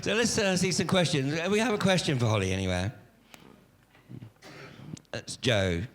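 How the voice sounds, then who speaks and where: A man's voice: on the high side, very animated, normal speed, a little hiss or hum. Older man rambling through a story. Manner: rambling, anecdotal, with frequent fillers. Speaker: event host and moderator. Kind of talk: casual storytelling on stage.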